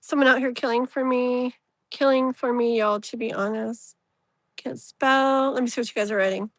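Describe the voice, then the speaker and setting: A woman giving a tarot reading on a live stream, her voice sitting a bit high for a woman. She rambles in a loose, chatty way, full of "like" and "you know", and soothes the viewer with pet names. The sound is close and dry, with no room echo. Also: fairly even intonation, moderate pace, fairly bright tone. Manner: affectionate, soothing tone toward the viewer.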